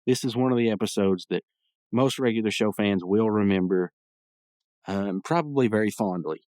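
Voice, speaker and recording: A man's voice: lowish voice, darkish tone, dry recording. A man hosting a podcast, giving a rambling, chatty recap of a cartoon episode with frequent restarts. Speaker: podcast host.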